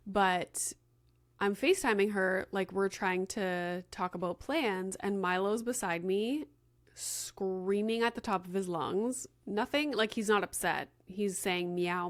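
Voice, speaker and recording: A woman in her thirties with a mid-range voice talks through her day as a podcast host. She is chatty and loose, leans on filler words, and slips into the voices of people in her story. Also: medium pitch. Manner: chatty, many "like" fillers, acts out quoted dialogue. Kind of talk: casual solo storytelling.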